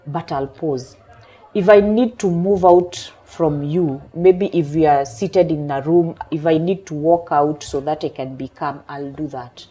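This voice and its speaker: A woman sits as a coach on a talk show, her voice low and mellow, with a husky grain. She explains at a measured, calm pace and talks through everyday examples. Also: lo-fi sound. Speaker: emotional intelligence coach.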